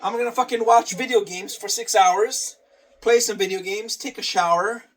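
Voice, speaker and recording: A man's voice: sits high, normal speed, far from the mic. A man talking casually through his day and a workout, repeating phrases and swearing offhand. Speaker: vlogger.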